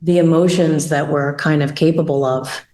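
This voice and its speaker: A woman's voice: low-pitched, fairly even intonation, normal speed, dark tone. A woman interviewing a former teacher, asking admiring questions in a casual conversation. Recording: echoey room.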